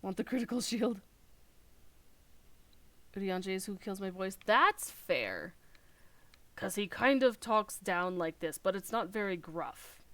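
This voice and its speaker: Chatty alto woman gaming live, quick asides and self-corrections. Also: mid-range voice, sing-song, a bit bright. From outside the UK. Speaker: game streamer. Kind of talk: casual gameplay chat.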